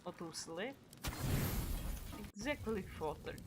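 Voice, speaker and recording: A woman's voice: medium pitch, animated, slow pace. Tired, playful woman streamer. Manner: chatty, playful, self-mocking. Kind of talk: casual gameplay commentary. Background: game music.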